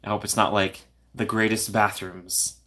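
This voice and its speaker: Man, young adult, lowish voice, casual livestream chat, playful, laughs a lot. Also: little pitch movement, moderate pace, pushed and bright, a little hiss or hum. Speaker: livestream host. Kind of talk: casual live chat reading comments.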